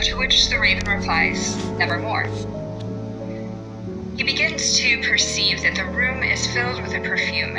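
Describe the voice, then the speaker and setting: A woman teacher narrating a recorded lesson in a clear, explanatory way with a light wry touch. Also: medium pitch, rough recording.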